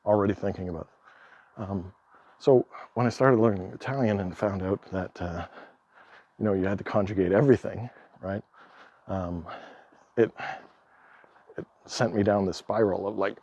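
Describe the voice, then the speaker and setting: A man in a casual vlog monologue, talking in an animated, exasperated way, acting out quoted exchanges and laughing often. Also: on the low side, unhurried, creaky, long pauses, slightly rough, dry recording. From Canada. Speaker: travel vlogger.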